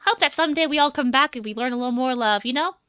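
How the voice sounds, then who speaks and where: Young woman streamer yapping away, high bright voice, dry close mic. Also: very fast, smooth, dry recording. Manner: chatty and animated, laughs often. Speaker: VTuber streamer. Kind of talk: casual chat stream.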